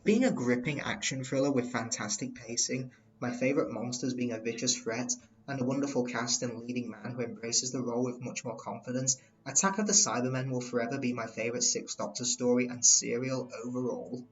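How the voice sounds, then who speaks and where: A man's voice: mid-range voice, steady tone, brisk. A man narrating a scripted review with enthusiastic, earnest praise. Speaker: video reviewer. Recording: slightly dull lo-fi recording.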